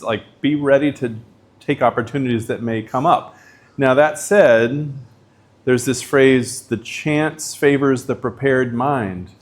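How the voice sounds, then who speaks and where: A middle-aged man, a professor, giving a lecture in a casual, chatty way, full of likes and you-knows. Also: medium pitch.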